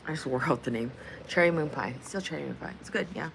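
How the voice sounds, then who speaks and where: A woman's voice: low-pitched, fast, vocal fry, noisy background. A woman hosting a casual livestream, rambling and cursing freely with frequent laughter. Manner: profane, rambling, laughs a lot. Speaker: livestream host.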